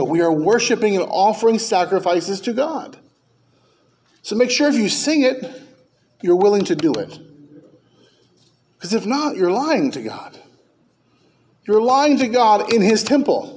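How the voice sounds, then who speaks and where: A man preaching a sermon as pastor, emphatic, with his pitch and volume rising and falling. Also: a little mellow, a little hiss or hum.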